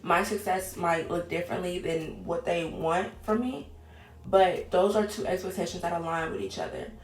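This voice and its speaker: A woman's voice: on the low side, big pitch swings, normal speed. Candid young woman in an echoey room. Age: 20s. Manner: candid and chatty, swears casually. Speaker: vlogger. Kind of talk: casual vlog talk to camera. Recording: echoey room with faint music.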